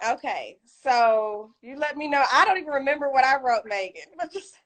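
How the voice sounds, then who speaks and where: A woman's voice: sits high, lively intonation, normal speed. A woman hosting a casual live video chat, telling stories and quoting friends with feeling, talking through a phone. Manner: storytelling, quotes friends, emotional and warm. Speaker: author and live stream host. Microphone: phone on a live video call.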